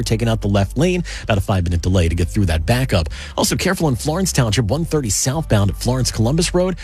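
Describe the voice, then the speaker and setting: A man reading a brisk radio traffic report, rattling off road updates. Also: mid-range voice, a little mellow, slightly rough.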